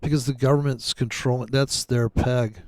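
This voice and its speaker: A man's voice: mid-range voice, fairly even intonation, normal speed, a little mellow, no room sound, clean studio sound. A man giving rambling, sarcastic, profane commentary while trading live. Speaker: day trader streaming live.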